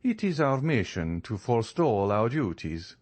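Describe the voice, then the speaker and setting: A man reading an audiobook who voices a calm, devout priest with an Italian accent and a formal, courteous way of speaking. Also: medium pitch, a little slow, no echo. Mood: solemn. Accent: Italian, put on.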